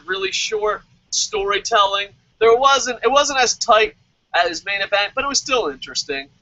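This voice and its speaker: A young man talks through a wrestling week in a loose, rambling way, swearing freely and tossing out blunt opinions. His voice sits high and very bright, almost sharp. The sound is dull and lo-fi, with a dry, close mic. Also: dry recording. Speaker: wrestling show reviewer. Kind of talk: casual solo review with live comments.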